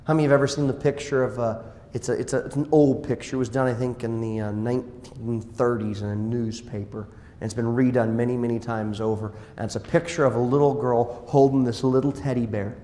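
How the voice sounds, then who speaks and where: A male pastor preaching a sermon, dropping to quiet asides and rising to loud exclamations. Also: medium pitch, fairly even intonation, brisk. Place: church sanctuary. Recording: echoey church hall.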